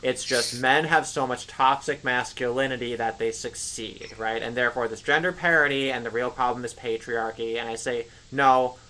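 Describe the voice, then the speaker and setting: Rambling young man, bright voice. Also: medium pitch, normal speed, few pauses, rough recording. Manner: rambling storyteller, many filler likes and rights. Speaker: English teacher of young kids; stream co-host. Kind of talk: casual chat.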